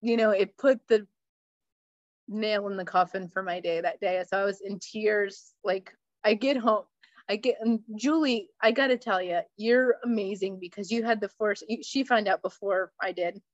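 A woman co-hosts a relaxed podcast chat, telling a story packed with swearing and frequent laughter. Her medium-pitched voice runs at a moderate pace, recorded with no echo and the highs cut off.

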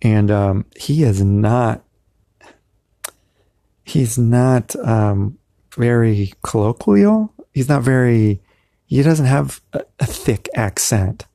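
A man hosting a show, chatting in rambling, self-correcting asides and reading poems aloud slowly, building to loud cries. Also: medium pitch, gravelly, no room sound, studio quality. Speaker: podcast host reciting poetry. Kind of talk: casual chat and dramatic poetry reading.

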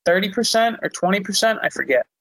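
A young man with a high, bright voice tells a fight story in loose, animated chat, peppering it with "like" and curse words. The sound is dry and close, with no room around it. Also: fast talker, gravelly, dry recording, low-quality recording. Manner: animated, frequent "like" fillers, profane. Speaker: guest, fighter. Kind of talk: casual storytelling.

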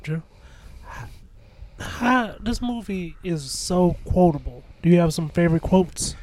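A man hosting a casual conversation, asking relaxed questions about a film. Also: sits high, a little slow, slight background noise. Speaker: host. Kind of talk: casual interview chat.

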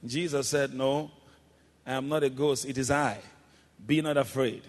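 Male pastor, mid-pitched voice, call-and-response sermon rising to shouts, long church-hall reverb. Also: fairly even intonation, unhurried. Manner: calls congregation to repeat after him, rising to shouts.

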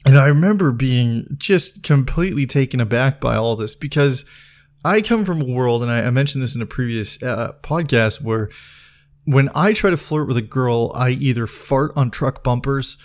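A man's voice: medium pitch, moderate pace. A man with a mid-range voice tells a long, rambling story in casual podcast style. He restarts his sentences often, swears freely and breaks into laughter as he goes. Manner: rambling anecdote, laughing, frequent restarts, profane. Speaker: podcast host.

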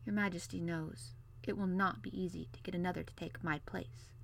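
A woman's voice: on the low side, brisk, creaky, a little hiss or hum, low-quality recording. A woman voicing a cool, courteous young prince. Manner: calm, polite, a little wistful.

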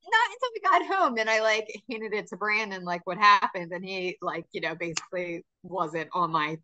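A woman's voice: medium pitch, animated, moderate pace, pushed and bright. A woman co-hosting a podcast, chatting casually and telling stories with frequent laughter. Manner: chatty storytelling, laughing often. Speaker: podcast co-host. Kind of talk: casual chat.

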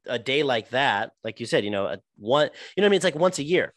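A man's voice: mid-range voice, lively intonation, quick pace, fairly bright tone, no echo. Young guy actor rambling about theater, lots of like and you know, dry close mic. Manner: rambling, many restarts and fillers. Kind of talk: casual podcast chat.

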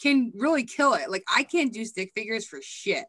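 A woman's voice: fairly high pitch, sing-song, moderate pace, a bit bright, husky. A woman hosting a casual podcast interview, asking questions and laughing along. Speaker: host.

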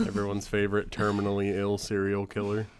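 Deep-voiced man with dry sarcastic quips. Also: monotone, a little fast, a little hiss or hum. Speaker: podcast co-host. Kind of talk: casual chat.

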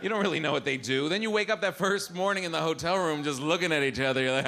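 A middle-aged man performing a live stand-up routine, animated, acting out the voices of his family. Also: fairly high pitch, quick pace, vocal fry, few pauses. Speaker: stand-up comedian. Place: comedy club stage. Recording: live club with audible room noise.

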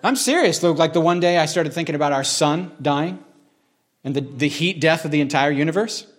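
Informally teaching a small group from the Bible, this preacher has a slightly high voice. He reads the passages slowly and with emphasis before moving into earnest, conversational asides.

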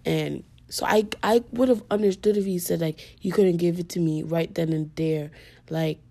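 A woman's voice: lowish voice, fairly even intonation, normal speed, vocal fry, dark tone. A young woman hosting a podcast, telling a personal story in casual chat full of fillers. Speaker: podcast host.

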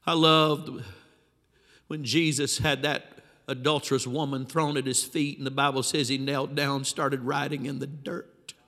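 A man preaching a sermon as a pastor, telling the story with animated, dramatic flair in a large church hall. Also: medium pitch, unhurried. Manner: animated, dramatic storytelling with vivid, sweeping delivery.

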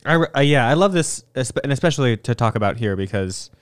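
A man talks in a casual podcast chat, picking apart a film's ideas. His voice is smooth and clear at a middle pitch. The sound is close and dry, with no room around it. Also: lively intonation, fast, dry recording. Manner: thoughtful, analytical, many fillers. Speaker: podcast co-host.

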